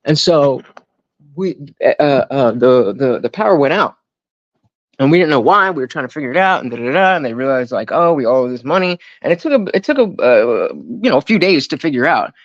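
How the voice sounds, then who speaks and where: A young man with a mid-range, sing-song voice talks fairly quickly on a live stream at home, using a desk microphone; the recording is dry with the highs cut off. He rambles casually, breaking into his own thoughts with jokes.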